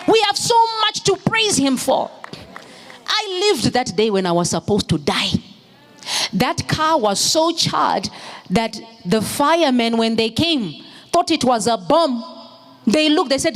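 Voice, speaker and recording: Woman preacher, high, swooping delivery; a storyteller who builds to fervent shouts. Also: very animated, a little slow. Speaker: pastor's wife preaching. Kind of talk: sermon. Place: church.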